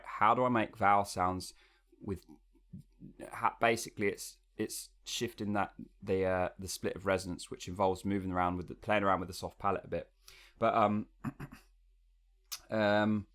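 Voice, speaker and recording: A man with a lowish voice talks through a singing lesson in a loose, conversational way. He explains as he thinks, circling back with ums and restarts, more like chatting to a student than lecturing. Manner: relaxed, explanatory, thinks aloud with fillers. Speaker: singing coach.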